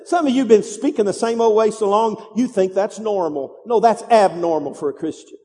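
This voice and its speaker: A man's voice: sits high, lively intonation, normal speed, few pauses, warm tone. A male pastor preaching a sermon, urging his congregation to answer back and repeat after him. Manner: emphatic call-and-response preaching. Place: church sanctuary. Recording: long reverb of a large hall.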